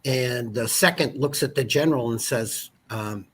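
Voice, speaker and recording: A man's voice: mid-range voice, normal speed, hardly any pauses, fairly bright tone, breathy edge. A man in his fifties with a Boston accent, a guest telling a rambling, digressive history story in casual conversation. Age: 50s.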